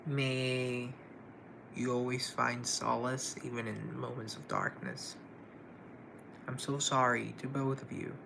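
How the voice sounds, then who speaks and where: Live stream host, male, gravel in the voice, chatty and easygoing with viewers, faint hiss behind him. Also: mid-range voice, slow. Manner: chatty, greets viewers and answers chat comments. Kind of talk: casual live stream chat.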